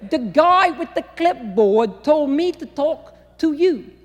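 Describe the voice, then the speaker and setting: A woman voicing a bubbly young woman with a thick big-city Northern accent who talks cheerfully, then slows down and over-enunciates, in a live stage story. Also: a little high, sing-song, fairly bright tone, big-room sound, full character voice. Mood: enunciating.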